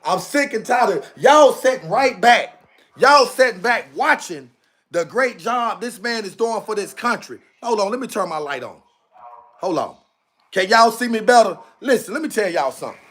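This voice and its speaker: Livestream host, man, high-pitched and fired up, repetitive, talks to camera. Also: lively intonation, normal speed, a bit bright. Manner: fired-up, repetitive, addresses viewers directly. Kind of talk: casual livestream rant. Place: indoors at home on camera.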